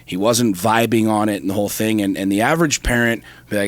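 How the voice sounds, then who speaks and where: A man's voice: on the low side, brisk, hardly any pauses, dry recording. Middle-aged guy on a podcast, swearing a lot and getting fired up, dry close sound. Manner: intense, profane storytelling, rising to emphatic fervor. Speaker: podcast co-host. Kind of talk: casual chat.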